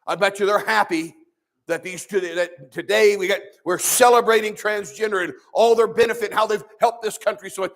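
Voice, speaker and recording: A man's voice: high-pitched, steady tone, brisk, fairly bright tone. A man, a pastor, teaching a Sunday school sermon in a preachy, conversational way with sarcastic asides.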